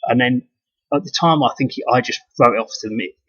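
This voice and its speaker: A fast-talking man from the UK, a video blogger, gives a rambling, casual monologue full of swearing and restarted sentences. His mid-range voice is a bit bright and breathy at the edges. The sound quality is dull and lo-fi.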